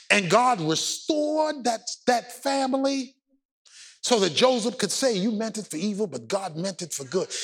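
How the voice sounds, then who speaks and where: A male pastor delivers a sermon in a high, husky voice. His pitch swings widely as he preaches, from measured teaching up to fervent shouting.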